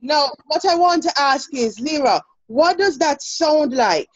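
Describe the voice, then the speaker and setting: Jamaican woman, teacher, brisk and encouraging, slightly high voice, muffled call audio. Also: lively intonation. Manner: brisk, encouraging, laughs often. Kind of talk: online classroom lesson.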